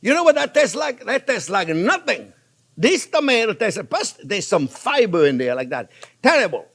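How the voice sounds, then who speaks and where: French man from Provence hosting a cooking lesson, chatty and swooping, higher-pitched. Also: normal speed, creaky. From Provence, France. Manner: animated and chatty, talks to viewers as friends. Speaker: cooking show host. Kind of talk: casual cooking demonstration. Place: home kitchen in Florida.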